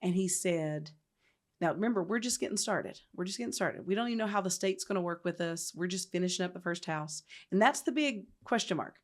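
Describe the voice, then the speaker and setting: A woman's voice: on the low side, fairly quick. A middle-aged woman, a nonprofit founder telling her story in an interview with emphatic energy. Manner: animated, acts out quotes, emphatic.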